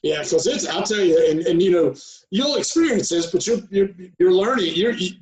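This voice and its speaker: Higher-voiced podcast host, halting. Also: male voice, darkish tone, rough recording. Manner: halting, restarts and repeats words. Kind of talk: podcast interview.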